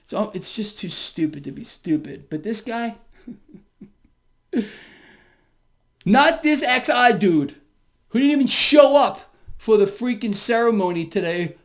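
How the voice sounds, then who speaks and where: A man's voice: sits high, big pitch swings, a little slow, long pauses. A man with a Brooklyn accent giving a fired-up, emphatic market commentary rant to his viewers. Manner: hyped-up, emphatic, swearing.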